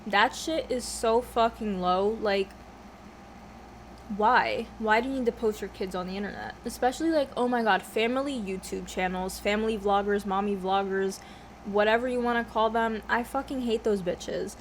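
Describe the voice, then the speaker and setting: A woman's voice: mid-range voice, moderate pace, slight background noise. Rambling, swearing young woman vlogger. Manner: rambling, scatterbrained, swears a lot, laughs often. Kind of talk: casual mukbang chat.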